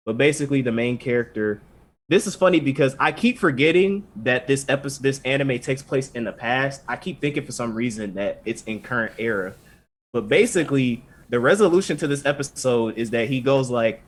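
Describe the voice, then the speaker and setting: A man's voice: mid-range voice, lively intonation, brisk. Laid-back man recapping with voiced quotes. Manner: loose storytelling, acts out characters' lines. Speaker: podcast co-host. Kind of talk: casual anime recap chat.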